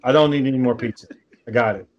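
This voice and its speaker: A man's voice: mid-range voice, fast talker, muffled recording. A man in casual chat, telling long stories with many fillers and restarts.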